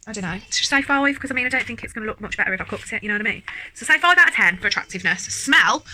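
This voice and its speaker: Chatty bright-voiced woman. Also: medium pitch, slight background noise, poor audio. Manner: chatty, rambling, self-deprecating. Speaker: vlogger. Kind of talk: casual food review chat.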